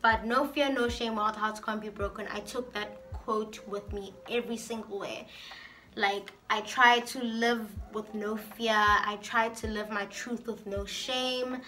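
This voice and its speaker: A woman's voice: on the high side, fairly even intonation, a little slow, pushed and bright. A woman vlogger chatting casually through a get-to-know-me Q&A, reading out each question and answering it in a playful, talkative way.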